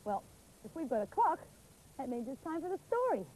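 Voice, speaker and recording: Female kids' TV presenter, gentle expressive voice, high and lively, unhurried. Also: poor audio. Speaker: children's TV presenter. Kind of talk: children's TV songs and storytelling. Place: outdoors by a pond.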